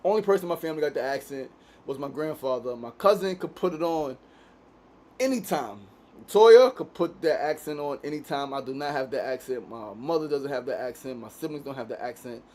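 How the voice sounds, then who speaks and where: Lively intonation and a fairly quick pace mark this man's medium-pitched, slightly mellow voice. He hosts an informal daily podcast in a studio, hails from Queens, New York, swears freely, and keeps punctuating his talk with "right?"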